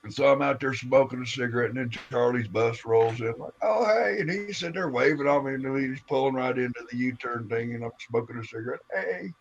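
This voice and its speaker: A man's voice: mid-range voice, fairly even intonation, fast, hardly any pauses, muffled recording. A man on a live stream telling a long rambling story in casual chat, acting out the voices of the people in it and swearing as he goes.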